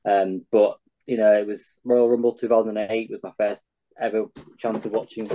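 A man's voice: on the low side, level tone, normal speed, lo-fi sound, heavy background noise. A young Yorkshire man in his twenties, a charity founder talking earnestly as an interview guest. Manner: earnest, enthusiastic reminiscing. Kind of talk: casual interview chat.

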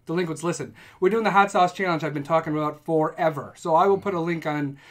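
A man's voice: fairly high pitch, fast. A man hosting a podcast, joking and rambling through casual banter with his guests. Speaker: podcast host. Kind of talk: casual chat.

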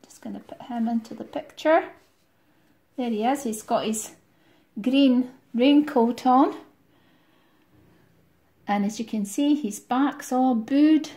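A Scottish woman telling a rhyming story to children while drawing, gentle and rhythmic, with soft asides. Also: on the high side, slow pace, long pauses, echoey room. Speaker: music tutor.

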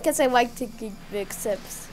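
High-voiced playful woman gaming. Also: measured pace, a little hiss or hum. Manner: playful, repeats herself. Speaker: gaming channel co-host. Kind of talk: casual gameplay chat.

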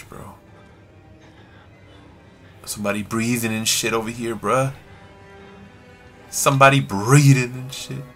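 A man doing let's play commentary on a horror game, swearing constantly in slang and yelling when he panics. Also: medium pitch, gravelly. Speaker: gamer playing a horror game.

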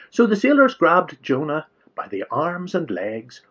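A man telling a story to children in an animated, playful, exaggerated way, on a dull lo-fi recording. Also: fairly high pitch, slow, few pauses, slightly rough.

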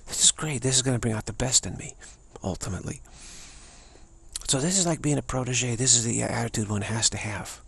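A man's voice: medium pitch, a little fast. A man giving a rambling, casual spoken talk as a teacher, stammering and restarting often. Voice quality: gravelly, raspy voice. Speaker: spiritual teacher.

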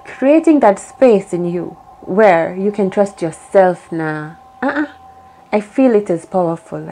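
A woman reads tarot cards on her own, speaking in an affirming, encouraging way. She thinks aloud as she works through each card. Her pitch sits in a middle range for a woman. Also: a little mellow. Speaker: tarot reader. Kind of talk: solo tarot reading.

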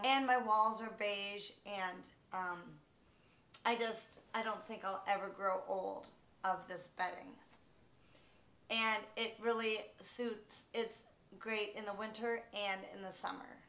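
A woman vlogger giving an unhurried, casual show-and-tell from her bedroom at home, with many ums and restarts. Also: medium pitch, fairly bright tone, roomy sound.

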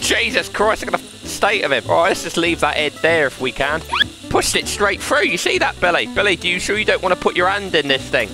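A man narrating VR gameplay, bantering in a brash, laddish way with mock-gangster threats. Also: a little high. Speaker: gaming channel host. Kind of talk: playful VR gameplay commentary. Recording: gameplay audio with loud music.

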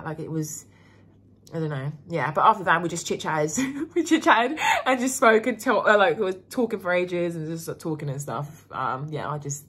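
A woman's voice: low-pitched, husky. A young woman, rambling candidly in a casual vlog, full of fillers and swearing. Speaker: vlogger.

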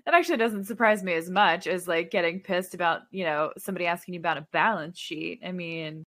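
A woman's voice: on the low side, a bit bright. Woman reacting on a podcast. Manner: reacting, quick remarks and questions. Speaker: podcast co-host. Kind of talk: casual podcast chat.

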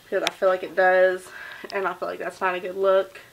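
A young woman from the South with a Southern US accent, chatting to camera in a casual daily vlog and telling stories in an animated way. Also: on the low side, brisk, gravelly, a little hiss or hum, poor audio. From Southern United States. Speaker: vlogger.

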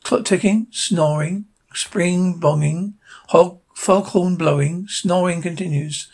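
A man's voice: a little high, steady tone, slow pace, gravelly, husky. A man reading a cartoon script's stage directions aloud, listing sound cues plainly. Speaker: fan reader.

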